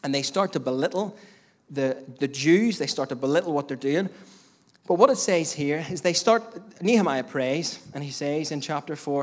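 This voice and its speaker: A man's voice: fairly high pitch, normal speed. Fervent male pastor preaching emphatically. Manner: emphatic preaching with rising bursts and repetition; addresses the congregation directly as church and folks. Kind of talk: sermon.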